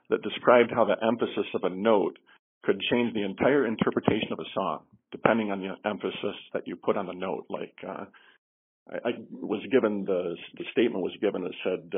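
A middle-aged man with a low, husky voice talks earnestly as a podcast guest, explaining safety training with frequent fillers and restarts. He comes through a tinny phone line. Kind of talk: podcast interview answers.

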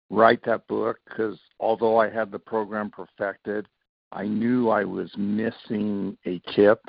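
This child safety author, speaking in an interview, brings his stories to life by acting out what people said. His voice sits on the low side and sounds creaky, with no room sound and the treble rolled off.

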